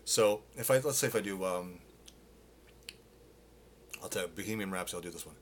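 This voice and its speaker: A middle-aged man teaching a live singing Q&A, explaining casually with lots of fillers and quick demonstrations. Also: low-pitched, a little hiss or hum. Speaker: vocal coach.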